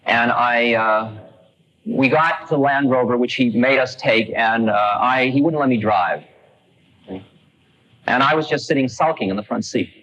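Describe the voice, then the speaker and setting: Bright-voiced man telling a story. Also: mid-range voice, unhurried, rough recording. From United States. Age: 30s. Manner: conversational, wry storytelling with voiced asides. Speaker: lecturer. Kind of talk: storytelling lecture. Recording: 1969 lecture recording.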